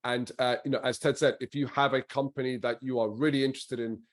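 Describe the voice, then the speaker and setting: A man co-hosting a show, wrapping up in a conversational, slightly halting way. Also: medium pitch, level tone. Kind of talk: casual show outro.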